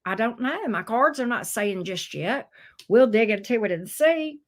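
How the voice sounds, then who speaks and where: A woman's voice: on the high side, lively intonation, moderate pace. A middle-aged woman giving a casual tarot reading, teasing and talking straight to the viewer in a sassy way. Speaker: tarot reader.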